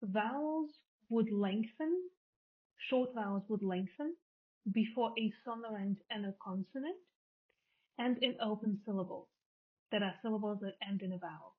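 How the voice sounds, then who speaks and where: A woman's voice: mid-range voice, normal speed. Female lecturer, patient explainer who restates each term; narrow phone-like recording. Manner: explanatory, repeats and rephrases terms. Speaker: linguistics lecturer. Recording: tinny phone-like audio.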